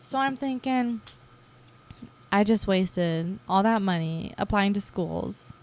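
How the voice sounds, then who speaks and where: A young woman in her twenties, hosting her own podcast, telling her story in a chatty, casual way and acting out her past self with lively jumps in voice. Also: mid-range voice, slow. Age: 20s. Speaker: podcast host. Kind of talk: casual personal podcast monologue.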